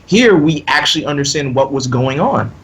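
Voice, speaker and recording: A man's voice: mid-range voice, expressive, normal speed, fairly bright tone. A man talking in a casual movie debate, hesitant and full of fillers. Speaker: debate panelist.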